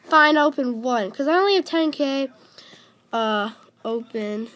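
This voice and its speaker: A woman giving casual game commentary in a high, bright voice. She talks at an unhurried pace but gets excitable, calling out to her viewers over and over. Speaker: gaming video host.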